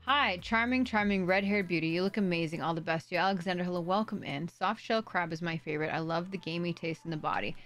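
A woman's voice: fairly low pitch, quick pace, few pauses, a bit bright, soft background music. A woman livestream host chatting casually with viewers, bubbly and rambling as she reads chat aloud.

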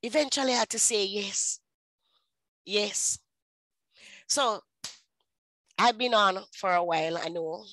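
A woman in her thirties with a Jamaican accent, telling her personal testimony in an animated storytelling way and slipping into patois. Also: mid-range voice, takes it slowly, pauses often, no echo, low-quality recording. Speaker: speaker at a women's ministry.

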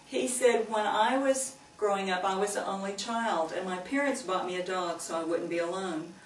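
A woman giving a Christian teaching, earnestly telling a story and gently urging her listeners. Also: mid-range voice, moderate pace. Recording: echoey room, mic at a distance, faint noise.

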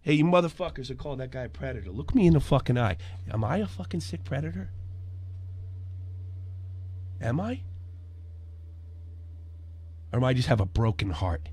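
A man in his forties hosting a podcast, telling a story and ranting with constant swearing, dropping low and then shouting. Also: big pitch swings, fast, hardly any pauses, slightly rough. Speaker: podcast host. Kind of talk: profane commentary rant.

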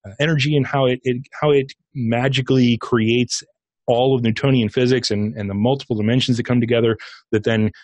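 A middle-aged man tells a personal story as an interview guest, casual and animated, slipping into the voices of his own thoughts. His pitch sits in an ordinary middle range. The recording is dry and close, with no room sound. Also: brisk, dry recording. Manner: casual, animated retelling with acted inner dialogue. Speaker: podcast guest, author.

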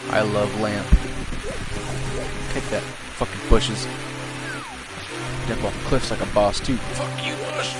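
A man hosting a let's play, giving excitable, profane commentary full of joking asides. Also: lowish voice, slow, pauses often. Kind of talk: gameplay commentary. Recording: game music playing behind.

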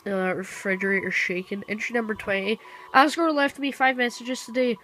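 A woman giving casual let's-play commentary, reading the on-screen text aloud and reacting quickly. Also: fairly high pitch, fairly bright tone, slight background noise, low-quality recording. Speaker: gamer. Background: game music.

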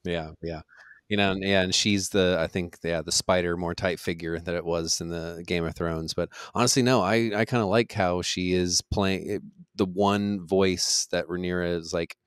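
A man's voice: low-pitched, fairly even intonation, moderate pace, smooth, dry recording, clean studio sound. An easygoing man in a casual TV review chat who agrees readily and says "you know" a lot.

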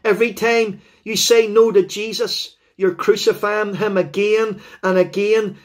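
Northern Irish male preacher, high pitch, fervent evangelistic sermon delivery with repeated appeals. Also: flat delivery, unhurried. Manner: fervent, repetitive appeals to the listener.

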